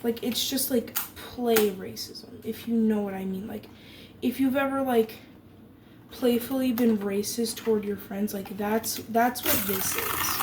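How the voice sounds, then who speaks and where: A woman's voice: on the high side, measured pace. A teenage girl from Germany, chatting casually and rambling while she bakes, full of fillers and sarcastic asides. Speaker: vlogger. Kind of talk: casual chat while baking. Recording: echoey room with noisy background.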